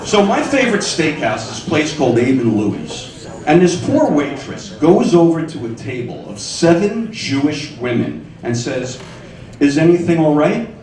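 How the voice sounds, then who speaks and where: A stand-up comedian in his forties works a club stage, his voice a touch high and swinging widely from line to line. His delivery is wry and punchy. The sound is roomy and picked up from some way off the mic. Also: sing-song, moderate pace, a crowd in the background. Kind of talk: stand-up set. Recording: echoey club sound from far off.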